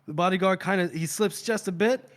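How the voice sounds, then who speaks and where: A man co-hosting a podcast who retells a book chapter in a rambling, animated way, swearing casually and filling pauses with "uh" and "you know". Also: high-pitched. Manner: rambling, animated, profane, with many fillers. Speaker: podcast co-host.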